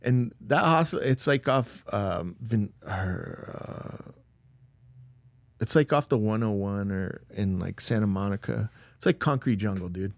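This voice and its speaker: A man's voice: lowish voice, unhurried, creaky, no room sound. A middle-aged man, a podcast guest, telling a personal story in a casual, rambling way full of "like" and with emotional swings.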